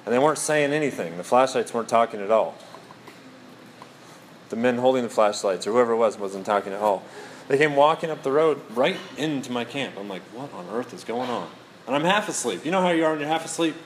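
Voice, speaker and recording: A man's voice: mid-range voice, lively intonation, quick pace, slight background noise. A middle-aged male pastor giving a sermon, telling stories with self-mocking humor and quoting scripture.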